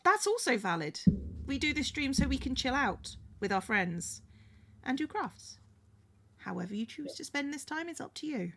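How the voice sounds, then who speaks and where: The host's voice sits high and swings widely in pitch, a bit bright, at normal speed. She chats casually on her live stream as she sews crafts, thanking viewers and often restarting sentences.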